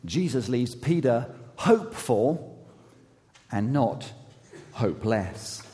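A man with a croaky, hoarse voice, preaching a sermon as pastor. He is emphatic, then drops to soft, intimate tones. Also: medium pitch, very animated, slow, long reverb tail.

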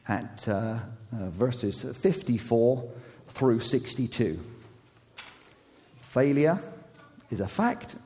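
A man with a croaky, hoarse voice, preaching a sermon as pastor. He is emphatic, then drops to soft, intimate tones. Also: medium pitch, long reverb tail.

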